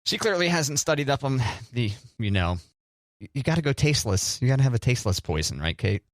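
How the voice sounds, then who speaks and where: A man's voice: medium pitch, big pitch swings, fairly quick, no echo, clean studio sound. A middle-aged man co-hosting a radio show, chatting casually and joking with a teasing manner. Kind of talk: casual banter.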